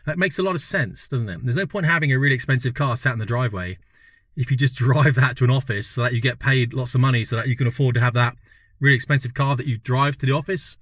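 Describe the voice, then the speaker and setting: A man's voice: mid-range voice, fast talker, a bit bright, no echo, clean studio sound. A British man in his fifties telling a story in a casual, chatty way, often checking in with the listener. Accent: British English. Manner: chatty, keeps checking in with "right?" and "you know?". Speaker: vlogger.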